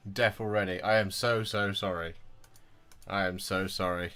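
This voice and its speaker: A man's voice: low-pitched, fairly even intonation, measured pace, a bit bright, clean tone. A man hosting a casual livestream while building models, chatty and self-deprecating as he greets viewers. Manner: chatty, self-deprecating, reads chat aloud.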